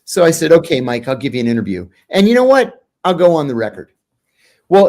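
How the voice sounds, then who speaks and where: A middle-aged American man, a former intelligence officer, tells a story as an interview guest, acting out the quoted lines with sudden jumps in pitch. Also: darkish tone. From United States.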